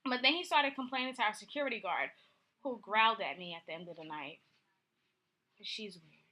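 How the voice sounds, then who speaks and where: A young woman vlogging casually, telling a candid story in an animated way and acting out what people said. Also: mid-range voice, normal speed.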